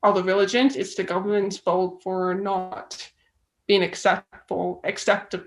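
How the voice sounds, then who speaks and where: A woman's voice: medium pitch, level tone, unhurried, rough recording. A woman with an Australian accent, a filmmaker guest chatting casually and acting out the reactions she quotes. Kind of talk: casual interview chat.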